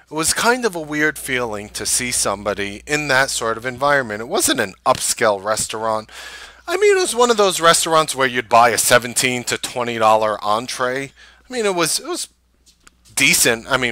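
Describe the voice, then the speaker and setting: A male show host in Manhattan tells a casual, rambling anecdote in a medium-pitched voice with no echo. The story is heavy with fillers, and he animates it by acting out quoted voices.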